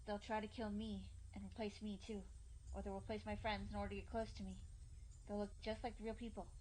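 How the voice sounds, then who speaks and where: Woman, middle pitch, dramatic horror narrator; intense first-person delivery with anxious peaks. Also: little pitch movement, fairly quick, a little mellow, slight background noise, poor audio. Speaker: reader. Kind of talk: dramatic reading of a horror visual novel.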